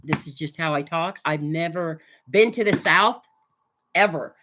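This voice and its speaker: A woman's voice: sits low, a little slow, fairly bright tone. A woman from Oregon chatting on a live stream while she gives a tarot reading, with lots of fillers and hesitations. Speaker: tarot reader.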